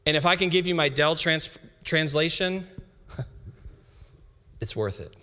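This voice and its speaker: A young man preaching a sermon, reading scripture slowly with emphasis and breaking into casual asides. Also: a little high, animated, sharp tone. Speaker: pastor. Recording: hall reverb.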